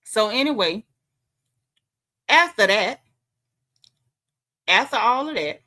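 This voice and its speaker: Her voice is fairly high, animated and sharp-toned, yet slow in pace. She's a Southern-accented woman from the American South hosting a casual reality show recap livestream, chatty, emphatic, and loaded with colloquial slang.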